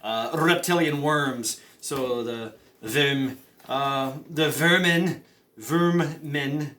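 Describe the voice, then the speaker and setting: A man's voice: medium pitch, slow. A man giving mock-serious survival advice in a rambling comedy monologue, full of fillers and stammered restarts. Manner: rambling, with many fillers, stammered restarts and deadpan conspiracy talk. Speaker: comedy vlogger.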